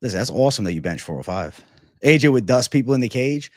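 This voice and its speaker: A man's voice: mid-range voice, lively intonation, quick pace, a little mellow. A man hosting a fight-sports livestream, talking to chat in a loose, slangy, swear-heavy way. His energy runs hyped and jokey. The sound is dry and close, with almost no room echo. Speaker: MMA livestream host.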